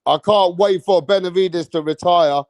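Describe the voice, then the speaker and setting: A young British man hosting a boxing live stream, talking in slangy, animated bursts straight to his chat. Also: high-pitched, moderate pace, no room sound. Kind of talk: casual live-stream commentary.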